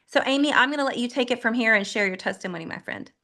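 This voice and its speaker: A woman's voice: on the high side, fast, bright, forceful tone. A woman hosting a promotional team call, talking in an upbeat, persuasive and enthusiastic way. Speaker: host.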